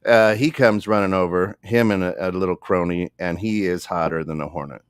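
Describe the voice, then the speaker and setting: A man's voice: low voice, a little fast, few pauses, smooth, no echo, clean studio sound. A man co-hosting a podcast, telling a funny story in casual chat, laughing often and acting out the voices of the people in it. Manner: animated, laughing, acts out voices in anecdotes. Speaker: podcast co-host. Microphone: studio microphone.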